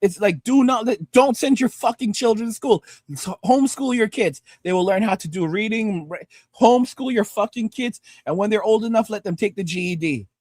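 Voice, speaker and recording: A man's voice: sits high, a little fast, a little mellow, no echo. A man rants angrily and profanely at his viewers, repeating himself as he lectures them. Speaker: livestream host reading viewer comments. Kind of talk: profane ranting commentary.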